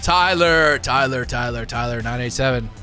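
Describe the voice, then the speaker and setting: A man's voice: medium pitch, normal speed, sharp tone, faint music behind. A man hosting a live stream in casual chat, easygoing and rambling with lots of fillers. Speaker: livestream host.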